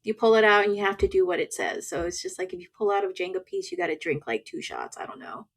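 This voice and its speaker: A woman's voice: medium pitch, expressive, fast talker. A woman co-hosting a podcast, chatting casually about a horror film, speculating thoughtfully and often restarting her sentences. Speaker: podcast co-host.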